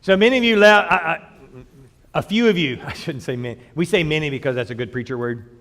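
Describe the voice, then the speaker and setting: A man preaching a sermon in a blunt, emphatic way, swinging between loud bursts and quiet asides. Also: a little high, fast talker, big-room sound. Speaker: pastor.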